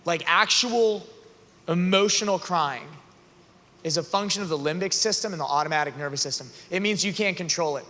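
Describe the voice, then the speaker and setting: A man giving an earnest, conversational youth talk that builds to loud emphatic passages, recorded in a large arena hall. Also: high-pitched, normal speed. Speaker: youth conference speaker. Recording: long hall reverb.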